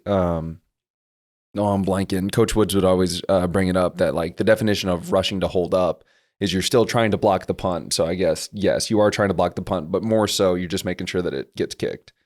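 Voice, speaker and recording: A man's voice: low voice, moderate pace, a little mellow. A young man co-hosting a casual sports podcast, patiently explaining football plays and rules. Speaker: podcast co-host.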